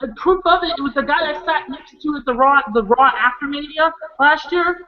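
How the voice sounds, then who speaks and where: The recording is muffled as a wrestling show co-host from Iowa talks fairly quickly in a very high voice. During the casual wrestling chat he rambles off topic, swearing freely in an excitable manner.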